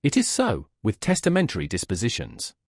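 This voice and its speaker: A man's voice: on the low side, wildly swooping pitch, a little fast, darkish tone, slightly rough, no echo, studio quality, full character voice. A man voicing a pompous, wordy male auctioneer who speaks in a sonorous, self-satisfied manner.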